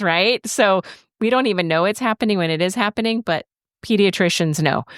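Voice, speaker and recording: A middle-aged woman co-hosts a podcast, telling stories chattily and laughing often in casual podcast chat. Her voice is fairly low, a bit bright and smooth. The sound is clean studio audio with no room sound.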